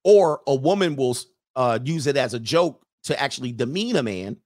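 A man's voice: mid-range voice, lively intonation, moderate pace, a little mellow. A man hosting a casual commentary show, talking bluntly with profanity and mocking jokes, laughing at his own remarks. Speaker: host.

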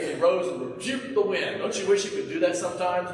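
A man preaching a sermon in an earnest, conversational way, often sinking to a soft hush at the ends of phrases. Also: a little high, expressive, fast talker, hardly any pauses. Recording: echoey hall, mic from far off.

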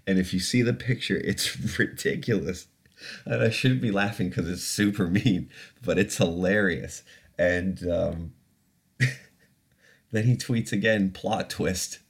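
Low-voiced laughing man, podcast host. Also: a little slow, pauses often. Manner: laughs often, loose and chatty; swears casually. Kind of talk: casual podcast chat.

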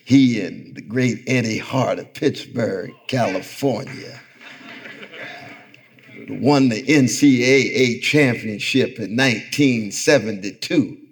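A middle-aged guest lecturer speaks to a live audience in an event hall, his rhythmic, sermon-like cadence building toward near-shouting as he calls out to the crowd. His voice is medium-pitched and breathy-edged, and he takes a slow pace.

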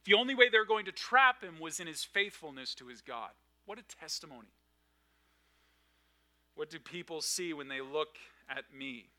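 A man preaching a sermon, swinging from loud emphatic lines to hushed, quiet asides. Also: fairly high pitch, animated, normal speed. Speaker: pastor.

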